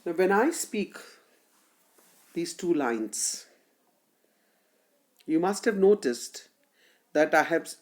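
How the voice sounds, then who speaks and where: Slow, lively-pitched teacher. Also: female voice. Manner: slow, deliberate explaining in short phrases, stressing key syllables. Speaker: literature lecturer. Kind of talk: recorded classroom lecture.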